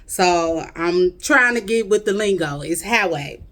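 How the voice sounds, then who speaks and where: A woman's voice: fairly low pitch, lively intonation, a little slow, fairly bright tone. A woman with a Chicago accent chatting casually with her viewers, drawling her words in a friendly, talkative way. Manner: drawling, chatty, addresses viewers as y'all and honey. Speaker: vlogger.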